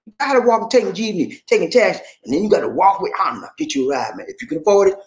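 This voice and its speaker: Man, casual vlogger, slangy and playful, very lively pitch. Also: racing. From USA. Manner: loose, joking, streetwise slang, laughs often. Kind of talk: casual advice monologue.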